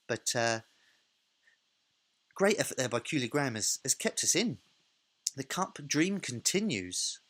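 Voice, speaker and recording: A man's voice: medium pitch, big pitch swings, unhurried, pauses often, a bit bright. Man casually narrating a management game. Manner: thinks aloud, casual and self-correcting. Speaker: let's play host.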